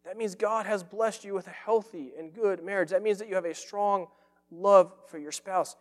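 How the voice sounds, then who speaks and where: A man's voice: high-pitched, fairly even intonation, moderate pace, big-room sound. A man preaching a sermon as pastor, earnest and emphatic, repeating phrases for stress.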